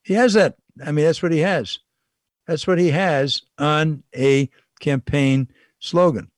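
An older man delivers a casual, wry political commentary monologue in a slightly high voice, speaking slowly. He keeps repeating his points and chuckles at the absurd parts. There is no room sound.

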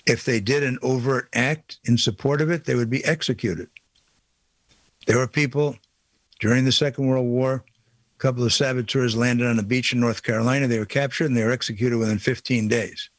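An indignant man delivering a political commentary monologue. He drives his points home with one rhetorical question after another. His voice is mid-pitched and sits dry and close, with no room sound around it. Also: steady tone, a little fast, no echo. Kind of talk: opinion monologue.

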